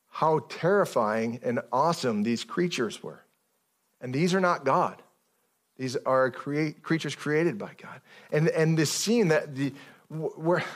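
A male pastor delivers a sermon in a loose, chatty way, breaking off sentences and starting again. His voice sits a little higher than most men's, and it climbs when he leans into a point. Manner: conversational preaching with many restarts and fillers.

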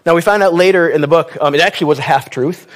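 A male preacher delivers a sermon in a relaxed, conversational tone. He drops wry asides and questions aimed at the congregation. His voice sits a little higher than most men's. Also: quick pace.

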